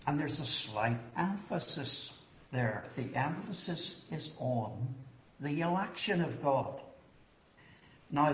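A man preaching an expository sermon, measured and deliberate, rising to emphatic stress on key points. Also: mid-range voice. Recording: echoey room with faint ambience.

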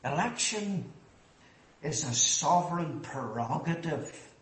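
A man preaching an expository sermon, measured and deliberate, rising to emphatic stress on key points. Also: on the high side, expressive, a bit bright. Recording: echoey room with faint ambience.

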